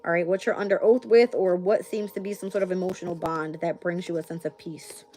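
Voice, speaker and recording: A woman's voice: fairly low pitch, steady tone, fairly quick, warm tone. A young woman hosting a casual live stream and reading tarot cards, blunt and profane, with frequent laughs.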